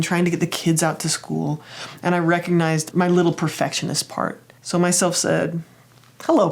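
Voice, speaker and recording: Gentle woman with a gravelly edge. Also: fairly low pitch. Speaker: therapist host. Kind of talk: self-help lesson, personal example.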